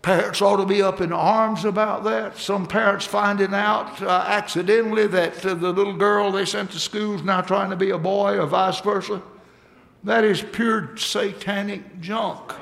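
A man's voice: high voice, fairly even intonation, moderate pace, vocal fry, a bit bright. A man preaching a sermon, folksy and emphatic, calling out for amens from the congregation.

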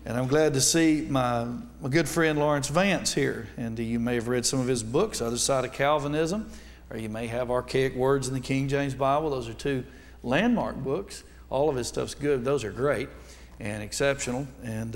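A man's voice: mid-range voice, normal speed, big-room sound. A middle-aged man with a North Alabama accent preaching a sermon as a visiting Baptist preacher, with folksy, joking asides. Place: church sanctuary.

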